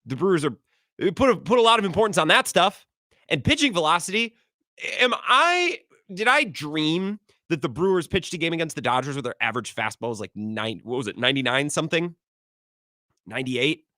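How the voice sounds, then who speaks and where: Animated, bright-voiced sports radio host. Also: male voice, fairly high pitch, a little fast, no room sound, clean studio sound. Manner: argumentative, stumbles and repeats words. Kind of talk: opinionated sports talk. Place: radio studio.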